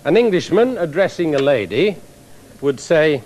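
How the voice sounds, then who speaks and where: A man lecturing on engineering before a live audience, his voice swinging widely up and down as he demonstrates. He sits a touch higher than most men and keeps his explanations animated and showy. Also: moderate pace, a little hiss or hum. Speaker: engineering professor giving a lecture. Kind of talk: televised public science lecture.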